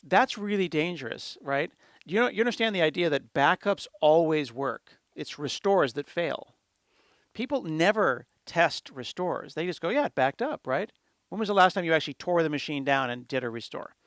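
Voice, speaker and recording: A man's voice: fairly high pitch, normal speed, no room sound, studio quality. A middle-aged man giving a conference talk, telling a jokey story and acting out the people in it. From United States. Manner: lively, jokey, acts out quoted dialogue. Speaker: conference speaker.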